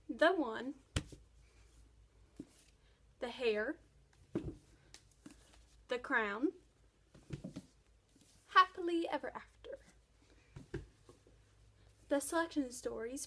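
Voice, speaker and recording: A young woman with a high voice talks casually and slowly to her camera. She gushes like an eager fan, piling on praise and heartfelt superlatives. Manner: gushing, enthusiastic fan talk. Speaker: book vlogger. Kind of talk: casual chat.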